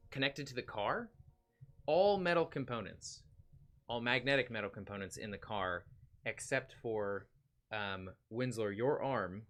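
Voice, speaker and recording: Bright-voiced game master, halting narration. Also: male voice, lowish voice. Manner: hesitant, many fillers.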